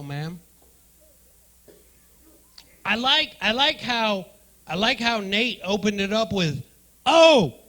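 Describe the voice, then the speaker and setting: A man doing profane stand-up comedy in a club, riffing loudly with the crowd. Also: sits high. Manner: loud, profane, riffing with the audience. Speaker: stand-up comedian hosting the night.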